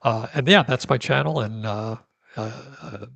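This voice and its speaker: Guest, male, from New Jersey; easygoing and halting, with a dry close sound. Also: mid-range voice, vocal fry, no room sound. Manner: relaxed, hesitant with fillers. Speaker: podcast guest. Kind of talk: casual interview chat. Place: home in Florida.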